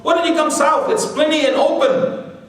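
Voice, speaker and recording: A brash frontier leader coaxes settlers with a high, breezy voice, as a lecturer puts him on. He is heard from a distance in a very echoey hall. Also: moderate pace. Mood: coaxing. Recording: very echoey hall, mic far off.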